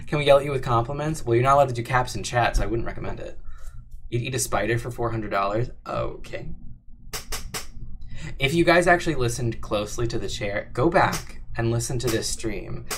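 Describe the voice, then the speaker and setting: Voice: medium pitch, normal speed, long pauses, noisy background. A young adult livestream host in casual Q&A chat, reading questions and answering in a playful, jokey, teasing way with frequent laughs.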